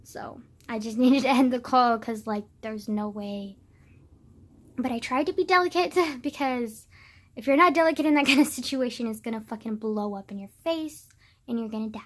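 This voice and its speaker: A woman's voice: on the high side, moderate pace. A young woman venting in a casual vlog, sarcastic and profane, packing her talk with "like". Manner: profane, sarcastic, filler-heavy with constant "like". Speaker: vlogger. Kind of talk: casual rant to camera. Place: suburban home.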